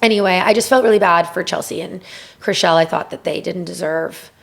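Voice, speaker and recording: A woman's voice: fairly low pitch, brisk, gravelly. A young woman co-hosting a podcast, gossiping casually with lots of swearing and "like". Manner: profane, animated gossip with acted quotes. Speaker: podcast co-host. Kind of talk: casual chat.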